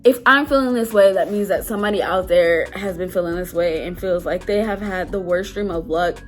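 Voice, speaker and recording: A woman in her twenties, talking candidly and emotionally to her viewers, close to tears and laughing nervously. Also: fairly low pitch. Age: 20s. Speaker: vlogger. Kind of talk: personal talk to camera.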